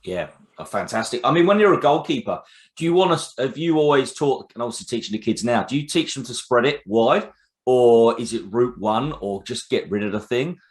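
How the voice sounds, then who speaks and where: A man hosting a football podcast, talking casually with frequent pauses and fillers. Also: mid-range voice, expressive. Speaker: podcast host. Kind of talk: casual interview.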